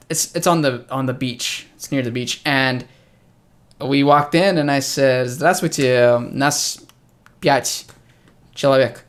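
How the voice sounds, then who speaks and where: A man's voice: medium pitch, a bit bright. A young American man hosting a casual chat with a friend, telling stories chattily and acting out the people he quotes. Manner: chatty storyteller who acts out quoted people. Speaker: host of a language-learning channel.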